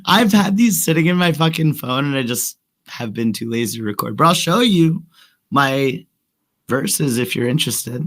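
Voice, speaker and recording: A man's voice: mid-range voice, expressive, moderate pace, fairly bright tone. A sick man with a cough, co-hosting a casual stream chat as a rapper, joking and mocking himself. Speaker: co-host and rapper.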